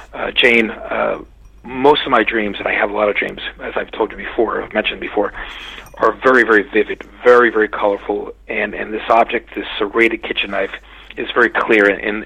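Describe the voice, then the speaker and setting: A man slowly and hesitantly recounting a dream, full of restarts and fillers. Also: fairly low pitch, little pitch movement, creaky, sharp tone, husky, highs cut off. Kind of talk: casual spoken recounting.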